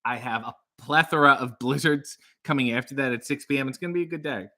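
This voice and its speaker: A man casually chatting and reading viewer comments aloud on a live stream, joking and animated. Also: mid-range voice, quick pace. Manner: animated, jokey, reads comments aloud in a bright upbeat voice.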